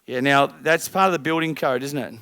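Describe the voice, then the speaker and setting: A man's voice: medium pitch, brisk, clean tone, no echo. A man coaching a group of business owners, blunt and swearing, firing rhetorical questions. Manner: energetic, rising loud at the end.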